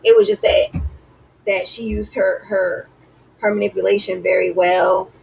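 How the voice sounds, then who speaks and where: A woman's voice: medium pitch, little pitch movement, a little slow, vocal fry, darkish tone, far from the mic, a little hiss or hum, rough recording. A woman vlogger giving earnest, preachy relationship advice in a casual way, with lots of "like".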